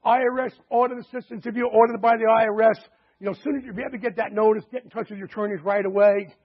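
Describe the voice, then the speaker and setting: A man pitching a membership through chatty anecdotes full of quoted dialogue and fillers, in a dull lo-fi recording. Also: steady tone, rapid-fire. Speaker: sales presenter. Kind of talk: sales pitch storytelling.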